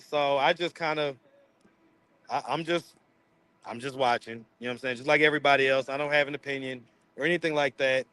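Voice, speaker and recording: A man's voice: fairly high pitch, fairly bright tone, clear, resonant tone, dry recording. A man hosting a casual livestream chat, rambling and teasing his viewers. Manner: rambling, teasing, laughs often. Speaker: street interview channel host.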